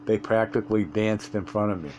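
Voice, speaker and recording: A man narrating a first-person audiobook in a steady reading voice, with occasional slips and restarts. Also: lowish voice, brisk, slight background noise.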